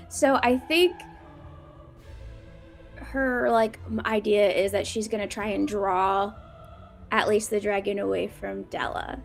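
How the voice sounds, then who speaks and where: A woman playing a tabletop role-playing game, talking through her character's plans in an animated way. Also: slow pace, creaky, long pauses, faint music behind. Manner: animated, laughing, high-pitched character bits. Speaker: player.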